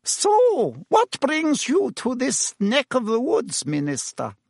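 A man voicing a chatty female innkeeper, high and lively. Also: slow, vocal fry, breathy edge, no echo, clean studio sound, exaggerated voice. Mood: curious. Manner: chatty, gossipy. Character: curious middle-aged female innkeeper.

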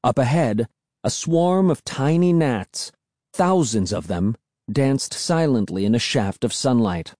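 A man reading a first-person story aloud, with an expressive, animated delivery. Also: medium pitch, measured pace, dry recording, studio quality. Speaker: audiobook narrator.

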